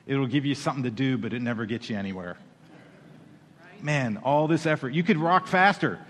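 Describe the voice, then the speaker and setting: A man preaching a sermon as pastor, animated, with playful asides and acted-out quoted voices. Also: medium pitch, a little fast, in a large hall.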